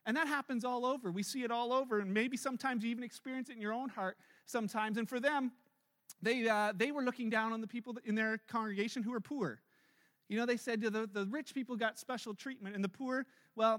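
A middle-aged male pastor with a strikingly high, bright voice preaches a sermon. He tells stories with energy and acts out the people in them, getting loud at the peaks. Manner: storytelling, animated, acts out quotes with rising loudness.

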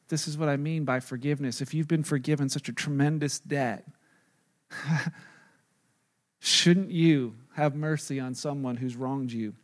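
A man preaching a sermon in a relaxed, conversational way. He retells scripture scenes and acts them out. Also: on the high side. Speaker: pastor.

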